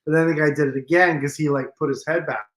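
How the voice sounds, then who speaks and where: Woman, very low voice, casual side remarks, echoey room sound. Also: steady tone, fast. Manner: chimes in with short remarks. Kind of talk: casual vlog chat. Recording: roomy echo.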